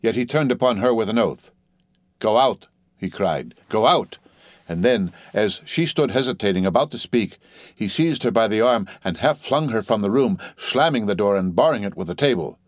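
A man narrating a novel as a steady, dramatic audiobook reading, lightly voicing the dialogue. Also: fairly low pitch, fairly quick, no room sound, studio quality.

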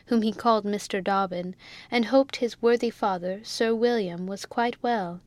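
A woman narrating a classic novel in a measured, expressive audiobook reading. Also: a little high, dry recording. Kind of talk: scripted narration.

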